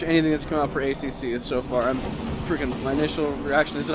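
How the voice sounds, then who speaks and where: A middle-aged man with a slightly high voice gives loose, running commentary over a headset mic while racing in a simulator. He talks in quick bursts, full of fillers and restarts. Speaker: sim racing YouTuber. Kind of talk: casual commentary while driving.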